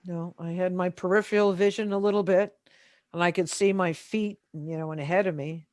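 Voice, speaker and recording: A man being interviewed, telling a story in a casual, animated way with many fillers. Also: high voice, fairly quick, dry recording. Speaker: interview guest.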